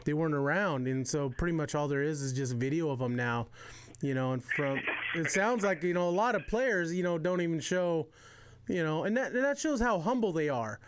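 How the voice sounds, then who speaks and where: A male host in casual chat, relaxed and peppering his talk with "you know". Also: a little high, fairly quick, slight background noise. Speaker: podcast host.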